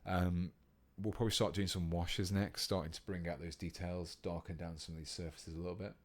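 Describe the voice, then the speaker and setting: Deep-voiced British man explaining painting. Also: fairly quick. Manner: relaxed and chatty, reading out viewer comments. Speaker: miniature painting streamer. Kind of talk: casual live-stream painting tutorial.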